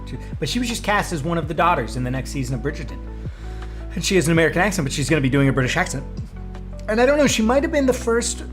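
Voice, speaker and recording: A young man streaming live, chatting loosely with viewers and answering their comments, with lots of fillers and restarts. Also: on the high side. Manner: rambling, many fillers and restarts. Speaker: livestreamer. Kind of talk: casual livestream chat reading comments.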